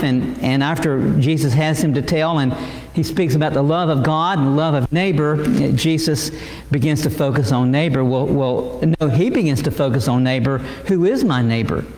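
A man's voice: a little high, a little mellow. Man preaching in an echoey church. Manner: halting, with frequent repeated words and fillers. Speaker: pastor. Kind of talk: sermon. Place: church sanctuary.

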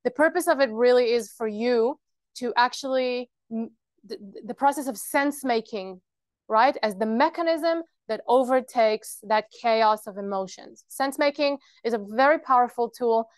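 A woman presenting a workshop in a fairly high voice, explaining things earnestly and stopping to check that her listeners follow. Her sound is close and dry, with almost no room in it. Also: no room sound. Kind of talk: practical workshop talk.

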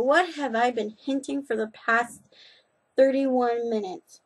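A woman's voice: a little high, measured pace. A young woman vlogging in a rambling, chatty way, full of restarts and asides. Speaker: knitting and nails vlogger. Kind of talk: casual chat.

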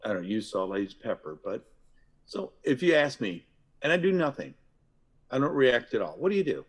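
A middle-aged man, a guest author, explaining how to calm angry people in a casual interview and acting out examples. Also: mid-range voice, moderate pace. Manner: animated storyteller, acts out examples. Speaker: guest, author and workplace violence speaker. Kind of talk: conversational podcast interview.

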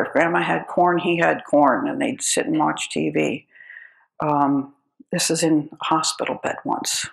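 Older American woman with a gravelly voice. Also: deep voice, low-quality recording. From United States. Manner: wry, storytelling, chuckling at her own tales. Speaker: speaker. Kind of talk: lecture with humorous anecdotes.

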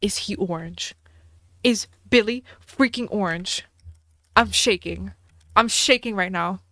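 A young woman streaming a game, chatting casually with her viewers in an excitable, dramatic way, dropping to mutters and jumping up to shrieks. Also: mid-range voice, slow, no echo. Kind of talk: casual gameplay commentary to a live chat.

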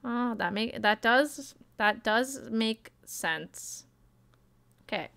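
A young woman talks to her stream audience in a relaxed, drawn-out way, teasing herself as she works things out aloud. Her voice is smooth and clean. The close mic gives a dry sound with no room in it. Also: a little high, dry recording. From Canada. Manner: chatty and self-mocking, thinking aloud. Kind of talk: casual live-stream chat.

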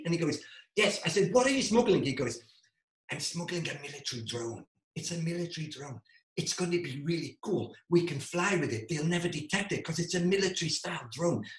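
Guy telling a funny story, goes all high and panicky, bit of room echo. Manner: animated, jumps into shrill panicked voice for his own quoted lines. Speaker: stand-up storyteller. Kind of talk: live-streamed comic storytelling.

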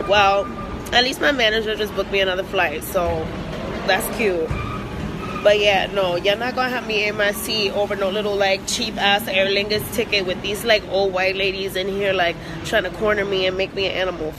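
A woman's voice: mid-range voice, steady tone, normal speed. A woman on tour venting angrily into her phone at an airport, swearing hard and stringing together filler words. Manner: profane, ranting, heavy filler words. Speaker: recording artist on tour. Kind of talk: angry venting selfie monologue. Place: airport terminal. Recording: noisy phone recording with vehicle sounds.

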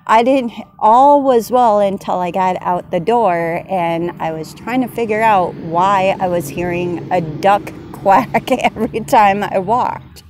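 A courteous elderly man, as voiced by a woman telling the story, speaks with a completely straight face. His delivery is plain and matter-of-fact. The pace is slow and easy, with faint noise in the background. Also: mid-range voice, a little mellow, natural voice. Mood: deadpan.

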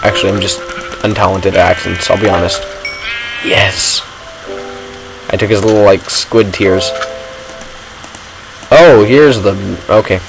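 A man's voice: low-pitched, unhurried, pauses often, music in the background, rough recording. A man giving rambling, self-mocking commentary while playing a video game. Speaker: gaming vlogger. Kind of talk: casual gameplay commentary.

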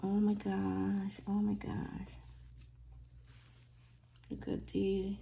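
Slow, gushing woman whispering in awe. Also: mid-range voice, gravelly, a little hiss or hum. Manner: gushing, often dropping to an excited whisper. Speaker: reborn doll unboxing vlogger. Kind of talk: casual unboxing commentary.

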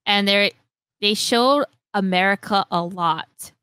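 Slow-talking woman with a smooth voice. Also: mid-range voice, dry recording. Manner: animated retelling, acts out lines in quick voices, swears, laughs often. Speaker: podcast host. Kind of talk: casual chat retelling a story.

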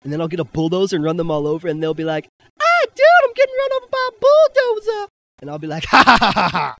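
A man's voice: high voice, big pitch swings, quick pace, dry recording. A teenage boy playing a boastful teen superhero in an amateur comedy sketch, cocky and teasing. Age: late teens. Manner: cocky, teasing, squeals when mimicking girls.

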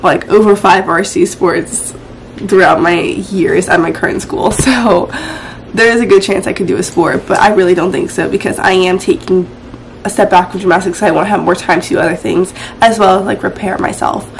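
Chatty teen girl with a gravelly voice. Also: lowish voice, steady tone, normal speed, a little hiss or hum. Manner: chatty, many fillers like "um" and "like". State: hoarse, voice partly gone. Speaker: vlogger. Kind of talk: casual vlog chat.

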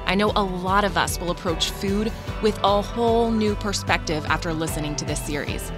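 A woman's voice: medium pitch, moderate pace. A woman introducing a podcast episode in a casual, upbeat way. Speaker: podcast co-host and announcer. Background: plucked guitar music.

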